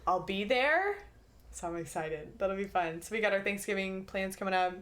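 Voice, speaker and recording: A woman's voice: medium pitch, fairly even intonation, brisk. A woman co-hosting a podcast, talking in a chatty, upbeat way with lots of "like". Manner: chatty and upbeat, heavy use of "like". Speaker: podcast co-host. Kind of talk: casual chat.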